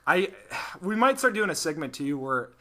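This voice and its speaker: Bright-voiced young guy telling rambling stories. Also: fairly high pitch, sing-song, normal speed. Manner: rambling storyteller, lots of fillers. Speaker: podcast co-host. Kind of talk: casual chat.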